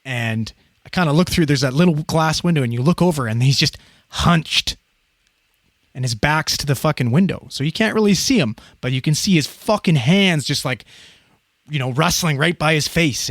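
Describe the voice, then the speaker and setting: A man in his thirties telling a story on a podcast in a casual, profane, animated way, often laughing. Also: a little high, dry recording, studio quality.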